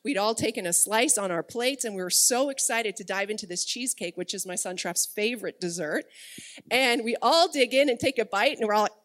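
A woman's voice: medium pitch, expressive, a little fast, a bit bright. A woman giving a sermon in a chatty way, with laughing asides to her congregation and the online chat. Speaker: pastor. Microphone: streamed service, speaking to online chat.

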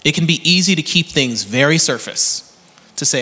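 A man's voice: a little high, very animated, moderate pace, pushed and bright, slightly rough, long reverb tail. A man in his thirties with a Canadian accent, preaching a sermon in an earnest storytelling way, laughing often. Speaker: pastor.

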